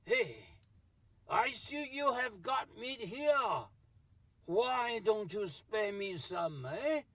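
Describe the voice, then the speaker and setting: A big, rowdy monk barks his orders for wine, as a man puts him on in a storytelling. He is blunt and demanding, with a high, bouncing pitch and a gravelly edge. The sound is close and dry. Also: very animated, extremely slow, fairly bright tone, no room sound, recorded from a distance, heavily acted. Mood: coaxing. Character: rowdy burly male monk craving wine.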